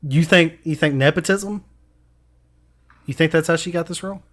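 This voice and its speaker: A man's voice: a little high, moderate pace. Questioning man hosting a movie podcast. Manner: questioning, argumentative. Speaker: podcast host. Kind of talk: casual movie review chat.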